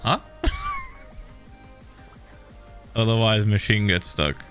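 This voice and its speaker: Bright-voiced guy chatting on a game stream, lots of laughing, lively pitch. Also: slow, faint music behind. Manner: animated, laughing storyteller. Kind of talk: casual stream chat while gaming.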